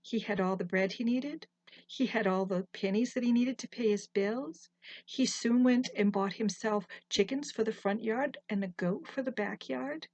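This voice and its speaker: Gentle older woman telling a folktale. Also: on the high side, no echo, muffled recording. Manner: gentle, unhurried, corrects herself mid-story. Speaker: storyteller. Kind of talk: folktale storytelling.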